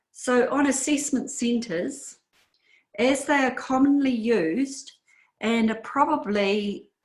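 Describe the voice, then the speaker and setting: A woman with an Australian accent, a career adviser narrating a slide show in a clear, measured advisory manner. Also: on the high side, roomy sound, rough recording.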